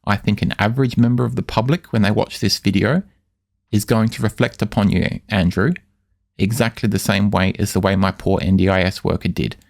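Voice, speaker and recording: A man speaking insistently to camera in a monologue, repeating and slowly stressing his words. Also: on the low side, fairly even intonation, vocal fry. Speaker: vlogger addressing his stalker. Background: music.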